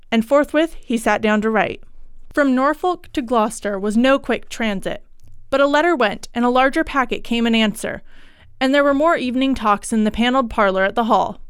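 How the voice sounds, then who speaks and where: Woman audiobook narrator, higher voice, smooth and dry. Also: expressive, normal speed, no echo. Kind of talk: scripted storytelling narration.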